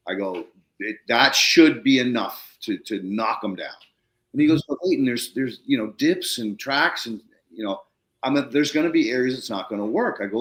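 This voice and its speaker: Man, podcast host, casual storyteller, excitable, mid-pitched voice, echoey room. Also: brisk. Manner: excitable, acts out quotes in a raised voice, swears casually.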